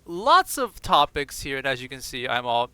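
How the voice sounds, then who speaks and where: A man hosting a casual fighting game podcast, animated and mock-dramatic, laughing often. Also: medium pitch, normal speed, smooth, dry recording. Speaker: podcast host. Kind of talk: casual chat.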